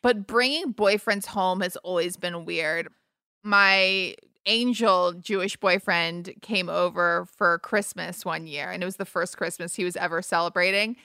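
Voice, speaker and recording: A woman's voice: on the low side, unhurried, pushed and bright, smooth, dry recording, studio quality. A young woman co-hosting a casual chat, upbeat and chatty, laughing easily. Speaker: podcast co-host.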